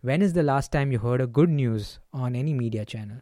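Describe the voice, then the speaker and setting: A man hosts a casual solo podcast in a mid-range voice, explaining ideas in a relaxed, thoughtful way. Now and then he jumps into short acted-out lines, louder and higher. The sound is close and dry, with no room echo. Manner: acts out quick example lines in a raised voice. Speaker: podcast host.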